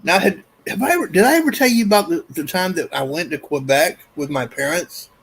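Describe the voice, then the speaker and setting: A man with a somewhat high voice hosts a casual chat. He tells stories in a joking, self-deprecating way and keeps the talk rolling. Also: expressive, a little fast, creaky, a bit bright, slight background noise, low-quality recording.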